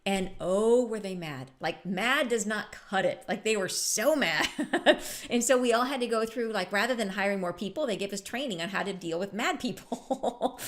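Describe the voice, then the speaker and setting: A woman spiritual teacher giving a relaxed, reflective talk with a chatty, often laughing manner. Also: a little high.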